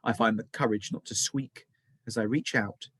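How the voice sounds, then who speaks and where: A male teacher reading a children's novel aloud, with expressive, dramatic storytelling. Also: on the low side, moderate pace, slightly rough, no room sound.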